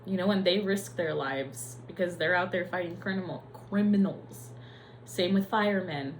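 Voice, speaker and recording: A woman's voice: fairly low pitch, normal speed, slight background noise, poor audio. A young adult woman, a nurse, speaking in a candid, profane and emotional personal vlog.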